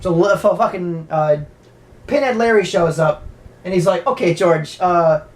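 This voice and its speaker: In a lowish, slightly mellow voice at normal speed, a woman movie reviewer casually recaps a horror film. She rambles, stammers often, and swears freely.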